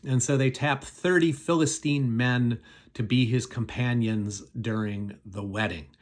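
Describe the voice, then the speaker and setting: A man's voice: mid-range voice, fairly even intonation, measured pace. A middle-aged man, a pastor, casually retelling a Bible story in a chatty, folksy way with many fillers.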